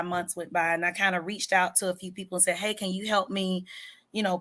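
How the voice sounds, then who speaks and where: Bright, tense-edged woman singer-songwriter as guest, candid and emphatic storyteller, leans on key words. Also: medium pitch. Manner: earnest and emphatic, drawn-out words for stress; candid about hard personal struggles. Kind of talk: personal storytelling in an interview.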